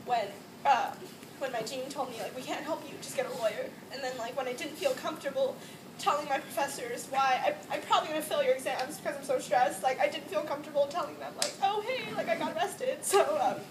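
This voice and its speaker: A woman's voice: sits high, brisk. A young woman from Hawaii telling a personal story to a gathering in casual, emotional speech full of "like" and nervous laughter. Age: young adult. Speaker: student speaker. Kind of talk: personal testimony to a crowd. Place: echoey indoor campus space. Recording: distant mic in an echoey room with background noise.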